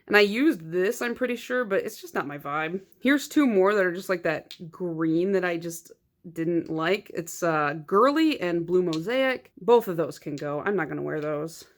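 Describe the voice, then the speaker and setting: A woman's voice: fairly low pitch, lively intonation, normal speed. A woman in a casual vlog, chatting through her nail polish collection in a rambling, filler-heavy way. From United States.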